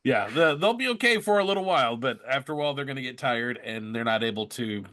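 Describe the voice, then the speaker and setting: A man with a bright, forceful voice talks as a podcast guest in a studio. He weighs his points slowly and pauses often with little fillers. His delivery is casual and considered. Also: medium pitch, expressive. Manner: thoughtful, measured, with frequent hesitations.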